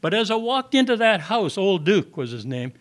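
Speaking in a high, sing-song voice at a normal pace, an older recovery meeting speaker gives his testimony to a hall audience. His storytelling is simple and folksy, with conversations acted out.

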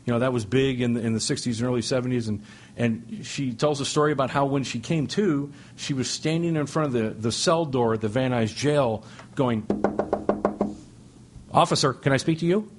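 A middle-aged man speaking to a recovery meeting, telling stories with jokes and sudden excited jumps in his voice. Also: a little fast, slight background noise. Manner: animated, joking, with sudden high-pitched exclamations. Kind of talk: humorous storytelling share. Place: speaking before a meeting audience.

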